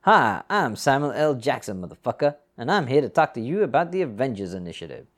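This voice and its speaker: A man's voice: medium pitch, sing-song, brisk, a bit bright. A man doing a drawling, swearing tough-guy impression. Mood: cocky. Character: impression of a brash, swearing male movie agent.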